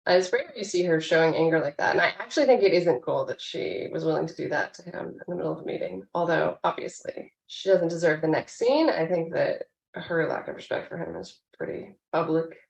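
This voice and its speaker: A woman's voice: low voice, lively intonation, brisk, creaky, few pauses, darkish tone. A woman co-hosting a podcast, chattily leading a casual recap of a TV episode. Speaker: podcast co-host. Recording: echoey room.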